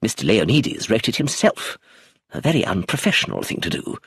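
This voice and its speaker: A man voicing an older family lawyer who is fussy and hurt, speaking slowly and formally. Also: lowish voice, big pitch swings, gravelly, a bit bright, husky, dry recording, clean studio sound, full character voice. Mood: aggrieved. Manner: slow, measured.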